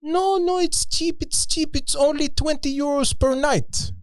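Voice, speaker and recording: A man's voice: unhurried, no echo. A man imitating an eager male local seller with a French accent, pushing a cheap island stay. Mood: insistent. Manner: pushy, excited sales pitch.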